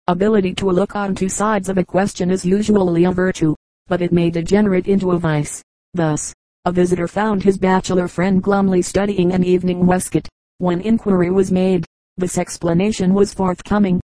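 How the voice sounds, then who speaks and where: A woman reading a collection of short humorous anecdotes aloud as scripted narration, with a steady, even delivery. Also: on the low side, moderate pace, dry recording, poor audio. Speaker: audiobook reader.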